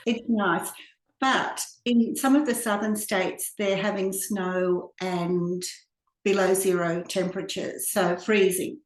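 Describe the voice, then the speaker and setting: A woman with an Australian accent, an author answering interview questions over a video call in a relaxed, friendly way. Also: medium pitch, slow, echoey room.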